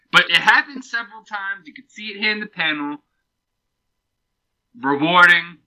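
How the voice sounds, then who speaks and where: Hyped-up male co-host, slangy and excitable, very bright voice that swings around a lot. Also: sits high, unhurried, rough recording. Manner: excitable, slangy hype talk. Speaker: podcast co-host. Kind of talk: casual comic book discussion.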